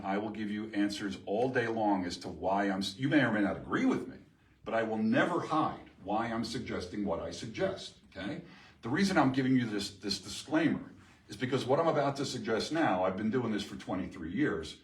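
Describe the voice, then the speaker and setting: A middle-aged man presents a live seminar to an audience in a meeting room, lively and emphatic, often asking the room questions. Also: fairly low pitch, a little fast. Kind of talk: live workshop talk to an audience. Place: chamber of commerce meeting room. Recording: echoey room from far off.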